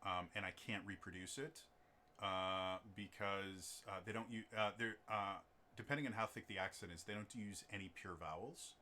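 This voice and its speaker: A rambling man hosts his homebrew game on a stream. His voice sits fairly low yet sounds bright and forceful. He chats casually, full of ums and restarts. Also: normal speed, slight background noise.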